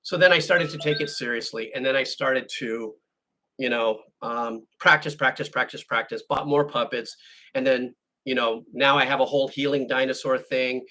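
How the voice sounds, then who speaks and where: In a casual Q&A with viewers, a man who hosts a music channel rambles through a story, often restarting and correcting himself. His mid-range voice is bright and forceful, with fairly even intonation, at a normal pace.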